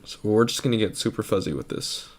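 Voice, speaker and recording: A man's voice: lowish voice, expressive, quick pace. A young man chatting casually and joking at his own expense while he draws his own avatar. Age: young adult. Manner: goofy, self-mocking rambling. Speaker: vtuber artist. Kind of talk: casual drawing commentary.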